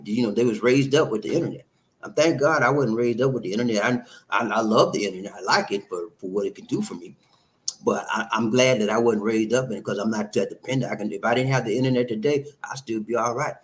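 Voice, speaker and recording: Chatty middle-aged man giving relationship advice. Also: mid-range voice. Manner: animated, loose, conversational, laughs often, repeats himself. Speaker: host answering viewer comments. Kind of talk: live-stream relationship advice talk.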